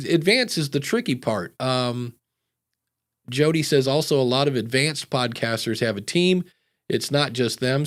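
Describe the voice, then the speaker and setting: A man hosting a podcast, reading out chat comments and chatting casually with many fillers. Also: mid-range voice. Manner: loose and rambling, many fillers. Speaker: podcast host.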